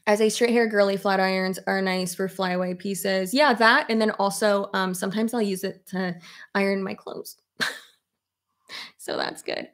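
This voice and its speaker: A woman's voice: mid-range voice, steady tone, moderate pace. A woman in her thirties chatting casually at her desk while doing her hair, rambling and laughing often. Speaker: YouTuber. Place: home office at her desk.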